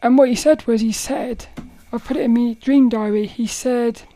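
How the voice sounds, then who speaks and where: A woman hosting a casual solo podcast, telling a story in a rambling, animated way, often laughing and restarting her sentences. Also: fairly high pitch, normal speed. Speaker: podcast host.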